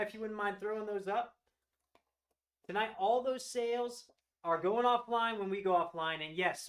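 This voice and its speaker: A man's voice: high-pitched, fairly bright tone. A man hosting a live reptile sales stream, gushing with enthusiasm over each animal and rambling through restarts. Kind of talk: live-stream product showcase.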